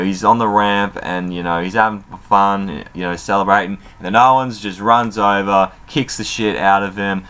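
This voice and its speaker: Low-voiced man, casual wrestling review, rambling, lots of um and you know, swears freely. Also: a bit bright, clear, resonant tone. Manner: loose and rambling, many fillers, swears freely.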